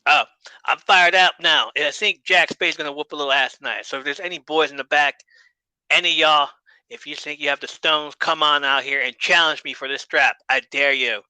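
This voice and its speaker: A man's voice: fairly high pitch, steady tone, a little fast, sharp tone, smooth, no room sound, low-quality recording. A man imitating a cocky male wrestling villain with a put-on Southern drawl and a brash, taunting way of talking. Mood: taunting, fired up.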